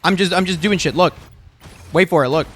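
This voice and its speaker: A man's voice: sits high, fairly quick, fairly bright tone, slightly rough. A young man reviewing his own gameplay footage, insistent and emphatic, repeating himself and swearing freely. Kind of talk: gameplay video review commentary.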